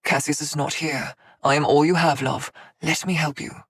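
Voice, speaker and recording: A woman's voice: low voice, steady tone, moderate pace, husky, no echo. A woman voicing a protective male fae general who speaks in a firm, soothing, commanding way.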